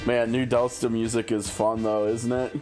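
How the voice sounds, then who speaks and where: A man's voice: medium pitch, level tone, normal speed. A man chatting casually while streaming a game, musing and thinking aloud. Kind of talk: casual gameplay commentary. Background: game music.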